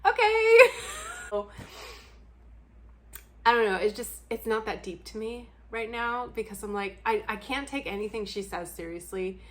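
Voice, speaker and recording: A woman's voice: a little high, animated, normal speed, long pauses, fairly bright tone. A young adult woman talking bluntly and candidly to camera in a casual vlog chat, laughing often and swearing freely. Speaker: book vlogger.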